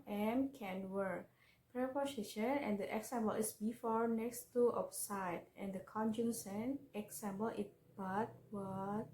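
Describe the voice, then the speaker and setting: A woman's voice: mid-range voice, warm tone. Young woman, native Indonesian speaker, student presenter, reads pronunciation lesson, repeats example words, echoey room. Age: young adult. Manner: reads examples aloud, repeating each word.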